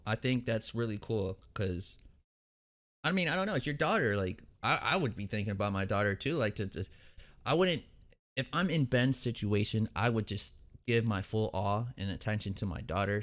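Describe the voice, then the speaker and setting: Young male reaction host, lowish voice, loose rambling recap full of "like" and restarts. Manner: rambling, with many fillers and restarts. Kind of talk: casual episode recap.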